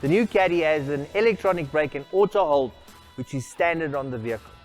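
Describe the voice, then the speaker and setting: A man's voice: fairly high pitch, animated, a little fast. Male product presenter, formal and salesy, light background music. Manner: formal, salesy, addresses people by name. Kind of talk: scripted product walkaround.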